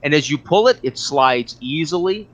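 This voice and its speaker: A man's voice: a little high, lively intonation, a bit bright, lo-fi sound. A man narrating a tabletop game as game master, stumbling through restarts and fillers as he describes the scene. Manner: halting, many restarts and fillers.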